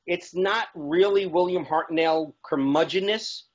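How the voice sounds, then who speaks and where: A man with a fairly high voice, chatting as a guest on a talk show. He talks eagerly and rambles, restarting his sentences as he goes. The sound is dull and lo-fi. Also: measured pace. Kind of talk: casual chat.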